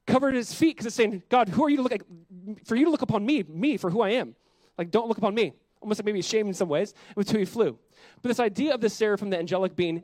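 A male pastor preaching a sermon in an animated way, asking the congregation questions and dropping to a soft voice on quiet points. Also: high-pitched, no room sound. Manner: drops to a soft, quiet voice on reflective lines.

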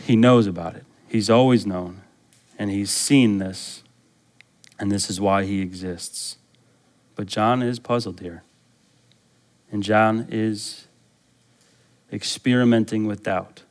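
Brief: male pastor preaching, lively and chatty, reads scripture aloud and asks the congregation questions. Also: lowish voice, takes it slowly, long pauses. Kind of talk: sermon.

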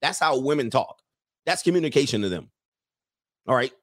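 A blunt, provocative man coaching on relationships in a live-streamed monologue. He swings between loud, raised bursts and low muttered asides, with a dry, close sound and no room echo. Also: expressive, moderate pace. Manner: blunt, provocative, joking lecture.

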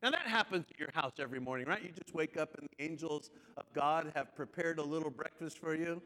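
High-voiced preacher in an echoing hall. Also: male voice, brisk, sharp tone. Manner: conversational, joking asides to the congregation. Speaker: pastor. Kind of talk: sermon.

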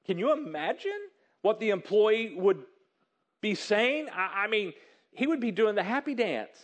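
A high-pitched male pastor delivering a sermon. He tells the story with animated energy, acting out characters and jumping into excited outbursts. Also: unhurried.

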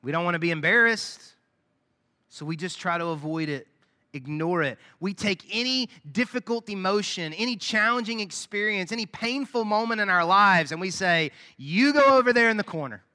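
A man preaching a sermon as pastor, talking to the congregation in a loose, conversational way and often dropping to quiet asides. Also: sits high, normal speed, big-room sound. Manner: conversational preaching with sudden drops to soft asides.

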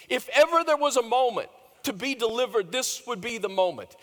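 A man preaches in a church sanctuary, his voice sitting high for a man. He tells the story dramatically, climbing loud and then dropping to a hushed hush. A long reverb trails off every phrase. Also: expressive, fairly quick. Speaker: pastor. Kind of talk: sermon.

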